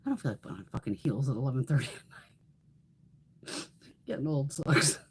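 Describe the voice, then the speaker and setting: Chatty, foul-mouthed woman, lively pitch. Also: normal speed, husky. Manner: chatty, profane, laughs often. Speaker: beauty livestream host. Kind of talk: casual livestream chat.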